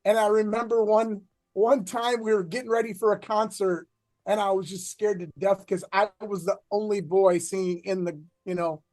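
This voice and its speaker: A middle-aged man, an athletic director, talking in a casual interview with energetic bursts and many restarts. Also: high-pitched, normal speed, dry recording. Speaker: athletic director, podcast guest.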